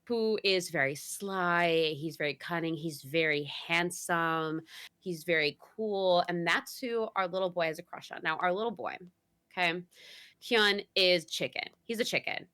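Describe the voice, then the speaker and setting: A woman chatting casually on a podcast as guest host, animated and giggly, full of fillers. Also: on the low side, unhurried, clear, resonant tone. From Italian heritage.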